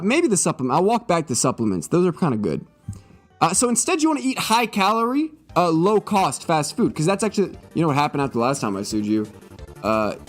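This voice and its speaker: A young man streaming live, joking and swearing in a mock-serious monologue, a little tipsy. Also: fairly high pitch.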